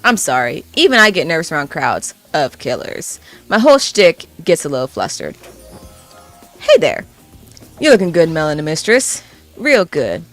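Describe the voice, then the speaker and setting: A woman's voice: sits low, wildly swooping pitch, moderate pace, fairly bright tone, faint music behind, exaggerated voice. A woman voicing a flamboyant, flirtatious male pop-idol killer in a game video. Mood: flirty. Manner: showy, flirtatious.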